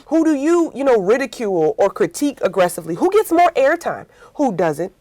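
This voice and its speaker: A woman with a voice on the high side speaks a little fast, with no room sound. Guesting in a conversational interview on workplaces, she acts out quotes in animated stories and often adds "right?".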